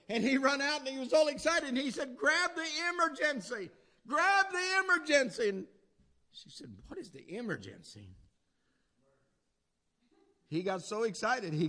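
High-voiced older man preaching folksy. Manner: folksy storytelling with plain southern-style grammar; swings from loud exclamations to low asides. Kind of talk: sermon.

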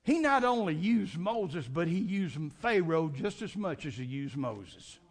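A man's voice: fairly high pitch, very animated, measured pace. A man preaching a fervent Sunday night sermon, repeating and restarting phrases as he builds his points.

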